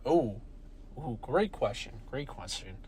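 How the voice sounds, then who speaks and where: A young man in his early twenties chatting casually on a podcast, rambling excitedly through speculative ideas. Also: mid-range voice, slow, a crowd in the background. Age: young adult. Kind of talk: casual chat.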